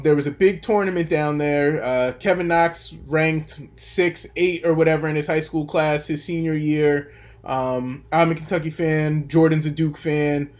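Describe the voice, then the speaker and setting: A young man hosting a podcast, talking sports in a casual, opinionated, rambling way with plenty of fillers. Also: on the high side. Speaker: podcast host. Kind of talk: casual sports commentary monologue.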